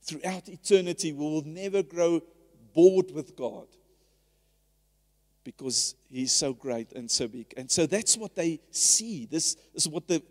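A man's voice: a little high, expressive, measured pace. An earnest man preaching a sermon to his church, his slightly raised voice carrying a long hall reverb. He talks conversationally, repeating and restarting phrases as he builds his point. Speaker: pastor.

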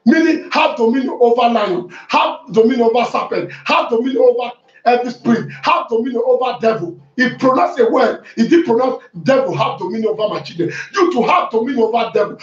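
A Nigerian man preaching a fervent sermon as pastor, shouting at times and repeating hallelujah. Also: very high voice, fairly quick. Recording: echoey room, distant mic, dull sound.

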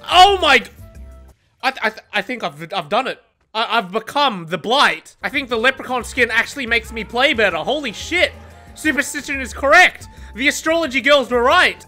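A woman giving excitable gameplay commentary, swearing, laughing often and mocking herself. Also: high-pitched. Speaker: gaming content creator.

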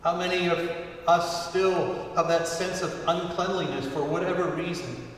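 Echoey distant priest preaching in church. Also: male voice, sits high, steady tone, a little hiss or hum. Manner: earnest, unhurried preaching with emphatic rises. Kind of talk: sermon. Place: church sanctuary. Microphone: distant room mic. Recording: far-off voice in echoey church hall.

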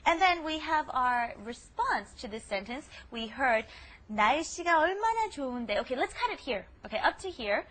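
A woman's voice: high-pitched, sing-song, normal speed, hardly any pauses, fairly bright tone. A woman co-hosting a casual language lesson podcast, chatty and laughing as she explains patiently. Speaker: language teacher co-host.

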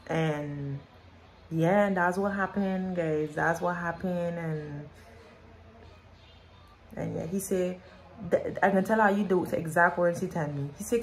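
A woman's voice: lowish voice, a little slow, long pauses, slight background noise. A woman telling an emotional story in her vlog. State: pregnant. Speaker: vlogger.

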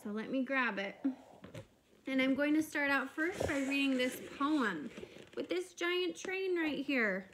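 A woman kindergarten teacher giving a video lesson to young children, talking clearly and encouragingly. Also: sits high, expressive, a little slow, noisy background.

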